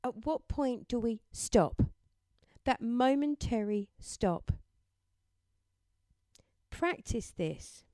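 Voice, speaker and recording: A woman giving a gentle, encouraging mindfulness talk and leading listeners through affirmations. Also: on the high side, lively intonation, extremely slow, long pauses, dry recording. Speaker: self-help speaker.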